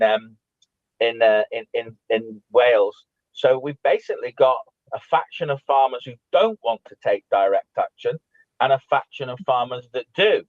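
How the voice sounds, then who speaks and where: A man co-hosting a talk show, chatting in an animated way and repeating words as he thinks. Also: mid-range voice, no room sound. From United Kingdom. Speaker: co-host. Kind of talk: casual talk show chat. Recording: dry tinny phone-like line.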